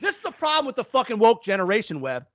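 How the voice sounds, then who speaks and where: A man's voice: very high-pitched, huge pitch swings, fast talker, a bit bright, no echo. A man co-hosting a casual sports podcast, talking bluntly and with lots of profanity as he rants about football. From New Orleans area. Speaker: podcast co-host.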